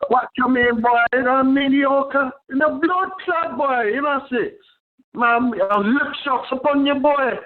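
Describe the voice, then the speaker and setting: Caller doing a loud swaggering mock-Jamaican man, high pitched, drawn out, phone line. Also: unhurried. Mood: indignant. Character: brash Jamaican man boasting about boxing. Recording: tinny phone line with faint music.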